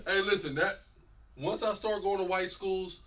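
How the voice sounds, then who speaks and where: A man's voice: sits high, normal speed, a bit bright. A man hosting a casual chat, laughing often and chiming in. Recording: distant mic, faint background noise.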